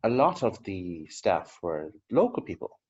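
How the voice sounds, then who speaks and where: A man speaking as a local historian guest in a relaxed interview, talking at length and chuckling between his points. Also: low voice, unhurried, husky. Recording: slightly dull lo-fi recording.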